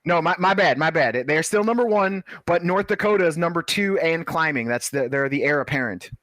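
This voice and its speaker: A man co-hosting a podcast, trading playful banter in casual chat and laughing quickly. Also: on the high side, expressive, a bit bright, dry recording. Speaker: podcast co-host.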